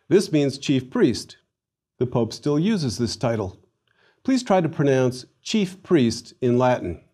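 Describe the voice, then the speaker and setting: A middle-aged man delivers a Latin lesson at an unhurried, measured pace. He drills pronunciation with deliberate, theatrical emphasis on each Latin word, with a voice of middling pitch. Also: darkish tone. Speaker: Latin teacher. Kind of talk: recorded language lesson.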